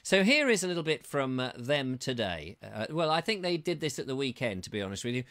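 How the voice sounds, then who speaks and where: A man's voice: mid-range voice, big pitch swings, a little fast, a bit bright. A middle-aged man from England hosting a casual livestream, reading out viewers' comments and chatting in a rambling, jokey way with playful wordplay. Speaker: host reading live chat comments.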